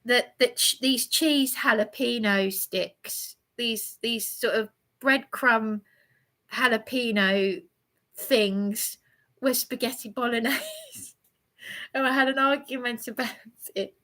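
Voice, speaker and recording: A woman talks to her viewers live from a hotel room. Her voice sits a little high and bright, and she rambles and stops to restart her sentences while she replies to comments. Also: animated. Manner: halting, many restarts, answers viewer comments. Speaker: livestreamer.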